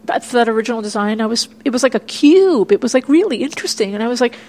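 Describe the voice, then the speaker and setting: A woman's voice: a little high, expressive, racing, a little mellow. A woman playwright from Miami, chatting in an interview and acting out her own past reactions as she tells stories. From Miami, United States. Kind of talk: casual interview chat. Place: indoor room in Chicago.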